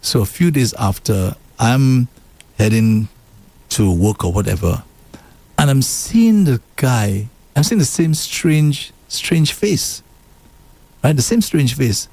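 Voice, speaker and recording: A man co-hosting a radio show, telling stories in a lively way that jumps up in pitch. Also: slow pace, no echo. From Saint Lucia. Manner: animated storytelling with pitch jumps. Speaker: radio co-host. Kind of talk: casual radio talk. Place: radio studio.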